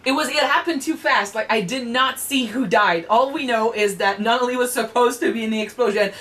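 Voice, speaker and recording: A woman hosting an anime reaction chat, animated, swearing freely and restarting her sentences. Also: a little high, brisk, poor audio.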